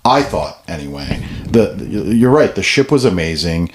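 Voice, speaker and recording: A man co-hosting a podcast, chatting casually about a movie with a halting, animated delivery and frequent restarts. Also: deep voice, slight background noise. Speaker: podcast co-host. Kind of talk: casual movie review chat.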